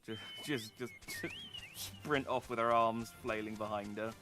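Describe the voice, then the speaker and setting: A man's voice: fairly low pitch, a little slow, sharp tone, faint music behind. Playful man streaming a game. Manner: playful, joking, laughs often. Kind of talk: let's play commentary.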